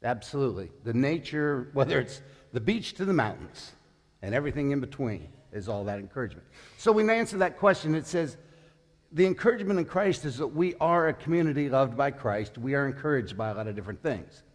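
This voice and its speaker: A man's voice: medium pitch, animated, a little fast, big-room sound. A man in his sixties preaching a sermon as pastor, conversational, putting questions to the congregation. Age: 60s.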